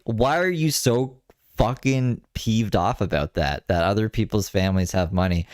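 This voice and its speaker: A man's voice: low voice, darkish tone, smooth, no echo, studio quality. A man hosting a reaction video, scolding with sarcastic, profane remarks. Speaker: host reacting to a clip. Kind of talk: reaction commentary.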